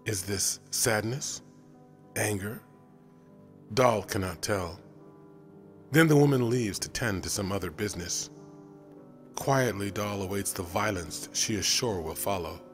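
A man narrating a novel in a steady, even storytelling style, over faint music. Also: fairly low pitch, measured pace, pauses often. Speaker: audiobook narrator.

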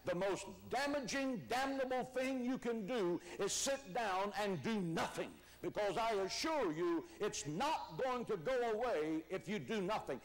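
An older man preaching a sermon as pastor, emphatic, rising to shouts on key words. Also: high-pitched, low-quality recording.

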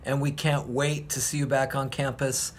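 A man's voice: mid-range voice, level tone, moderate pace, slight background noise. Upbeat man addressing students. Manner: upbeat and proud.

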